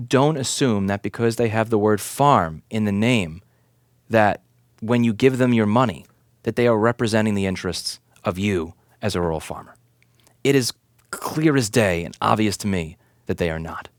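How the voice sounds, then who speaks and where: At normal speed and fairly low pitch, a man in his thirties who runs a repair shop and advocates delivers a heated, indignant rant directly to camera. Expect rhetorical questions, swearing for emphasis, and relentless repetition, in a dry, studio-quality recording.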